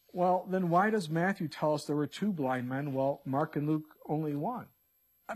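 A male pastor preaching an expository sermon, animated and acting out the story characters in quick voices. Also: sits high, husky.

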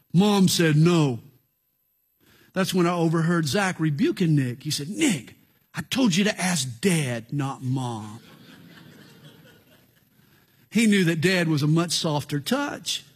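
Husky high-voiced male pastor preaching. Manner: earnest, slow emphatic phrasing with storytelling asides. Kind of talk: sermon.

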